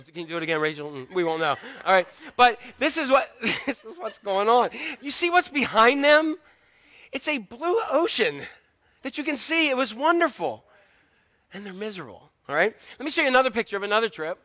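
Middle-aged male pastor, high bright voice, humorous animated sermon delivery. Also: dry recording.

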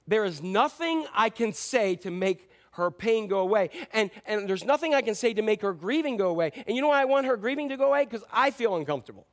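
A middle-aged male pastor preaching a sermon, telling stories in a conversational way and swinging between loud emphasis and quiet asides. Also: high voice.

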